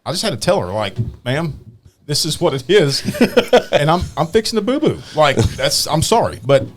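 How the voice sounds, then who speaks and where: A man's voice: fairly high pitch, big pitch swings, moderate pace, a little hiss or hum. A man, a police officer hosting a podcast, telling a story in casual chat with many restarts. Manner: rambling, many restarts, laughs through his story.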